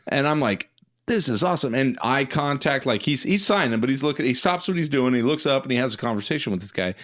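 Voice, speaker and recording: Animated man telling a convention story. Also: mid-range voice, fast. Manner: animated, acts out quoted voices. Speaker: podcast co-host. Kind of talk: casual chat, storytelling.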